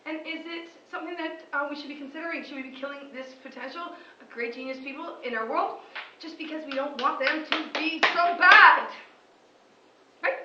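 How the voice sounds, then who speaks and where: A woman teacher talking in an excited, rambling vlog monologue, laughing often and jumping between thoughts. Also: high-pitched, brisk. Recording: echoey room, distant dull lo-fi mic, faint noise.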